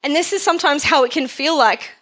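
A woman delivers a sermon in an easy, conversational tone, her voice sitting a little high. She asks the congregation questions and builds her points through repetition. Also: fast, fairly bright tone. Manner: repeats phrases for emphasis. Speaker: preacher.

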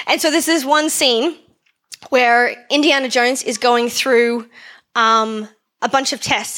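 A woman's voice: fairly high pitch, bright, forceful tone. A woman preaching a sermon in a conversational way, asking her listeners questions and repeating phrases for emphasis. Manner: conversational, asks the congregation questions.

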